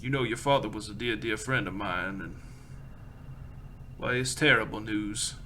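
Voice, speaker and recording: A man voicing a scheming, money-hungry businessman who offers smooth, unctuous condolences. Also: on the low side, moderate pace, bright, forceful tone, slight background noise. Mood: oily sympathy.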